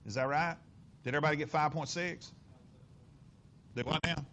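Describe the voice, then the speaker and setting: A middle-aged man teaching physics in a classroom, working problems aloud with lively inflection and constant questions to the class. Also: fairly high pitch, normal speed, a little hiss or hum. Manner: animated, lots of rhetorical questions and inflection.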